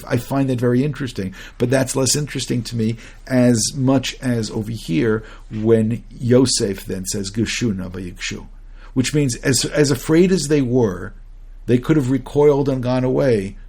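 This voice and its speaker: A rabbi teaches a conversational Torah class, earnestly questioning his listeners and restarting phrases. Between English explanations he chants Hebrew verses. His medium-pitched voice has a darkish, slightly rough tone.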